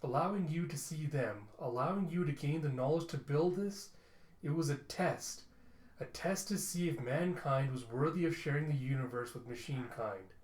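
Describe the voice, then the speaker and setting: A man voicing a calm, judging male robot, read slowly and solemnly from a comic. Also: on the high side, close to an everyday voice. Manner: slow, measured, solemn. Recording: roomy echo.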